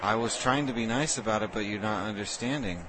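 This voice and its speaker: Low-voiced brash male prank caller. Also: brisk, a crowd in the background. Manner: brash, crude and deadpan-forward. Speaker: prank caller and show host. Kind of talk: prank phone call.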